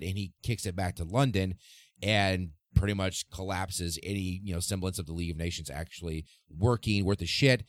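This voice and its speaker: A podcast host telling history casually and irreverently, swearing freely. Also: male voice, on the low side, dry recording, clean studio sound.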